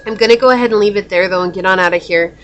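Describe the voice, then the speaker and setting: A woman's voice: mid-range voice, racing, fairly bright tone, highs cut off, a little hiss or hum. A woman giving a pick-a-card tarot reading to her viewers, chatty and openly emotional, saying y'all as she talks. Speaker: tarot reader.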